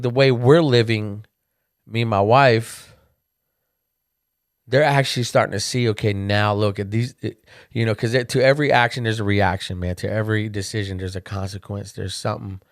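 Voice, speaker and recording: Middle-aged male podcast host, low voice, candid casual storytelling, dry close sound. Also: dry recording. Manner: candid, conversational, animated when quoting others.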